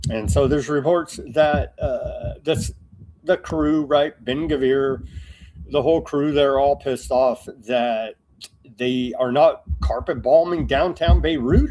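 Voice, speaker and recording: A man's voice: on the high side, a little mellow. A man hosting a live political news commentary show, talking in a sarcastic, mocking way with lots of fillers and restarts.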